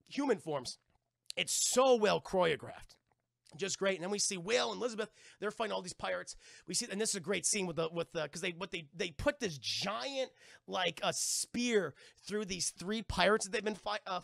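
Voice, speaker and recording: A young man casually retelling a movie to his stream chat, animated and profane, acting out the characters' lines. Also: high-pitched, brisk, vocal fry, dry recording, clean studio sound. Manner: animated, profane, acts out lines in put-on voices.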